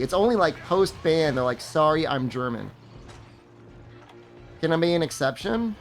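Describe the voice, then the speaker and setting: A young man streaming a game, chatting casually with his viewers in a rambling, sarcastic way and laughing at his own jokes. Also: fairly high pitch. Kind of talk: casual live-stream chat while gaming.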